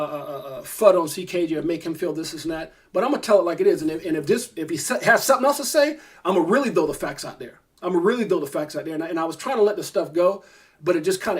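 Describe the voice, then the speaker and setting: A man, a crypto YouTuber, ranting to camera, irritated, emphatic and repetitive. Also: high voice. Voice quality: fast, emphatic, repeats himself. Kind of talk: heated rant to camera.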